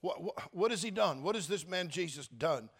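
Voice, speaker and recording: A man preaching a sermon as pastor, speaking straight to his congregation, repeating phrases and swinging from hushed lines to shouted ones. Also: high-pitched, animated, moderate pace, husky.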